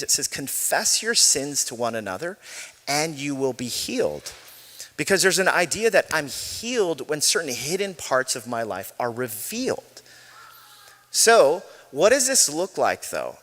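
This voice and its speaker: Guy pastor preaching, chatty and joking, bright voice bouncing around a big echoey sanctuary. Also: fairly high pitch. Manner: conversational storytelling, self-deprecating jokes. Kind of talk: sermon. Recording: echoey large hall.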